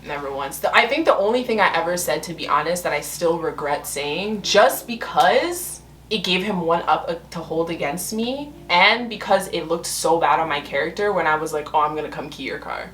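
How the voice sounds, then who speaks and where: A woman's voice: on the low side, expressive, normal speed, a bit bright, a little hiss or hum. A woman in her twenties telling a personal story in casual chat, candid and blunt, swearing freely and laughing often. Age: 20s.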